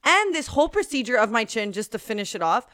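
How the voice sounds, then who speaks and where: A woman in her twenties, co-hosting a podcast, tells a story in a lively, casual way. She laughs often and swears freely. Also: a little high, quick pace, dry recording, studio quality. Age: 20s. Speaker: podcast co-host. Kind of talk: casual chat.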